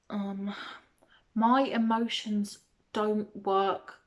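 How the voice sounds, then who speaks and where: A woman's voice: mid-range voice, a little mellow. Hesitant young woman vlogger. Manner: hesitant, many ums and restarts, giggly. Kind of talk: casual talk to camera.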